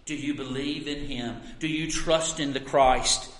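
A man preaching a sermon in an earnest voice, asking his listeners many questions and swinging between loud and soft passages. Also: mid-range voice, fairly even intonation, measured pace. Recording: roomy hall with long echo.

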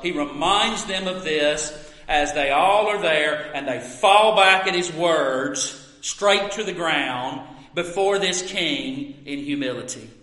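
A man preaching a sermon in an earnest voice, asking his listeners many questions and swinging between loud and soft passages. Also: a little high. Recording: roomy hall with long echo.

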